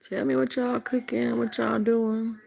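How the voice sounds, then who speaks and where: A woman's voice: a little high, little pitch movement, unhurried, gravelly, a little mellow, poor audio. An older woman hosting a late-night livestream from home, chatting in a sassy, casual way with her viewers while sleepy and yawning. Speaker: livestream host.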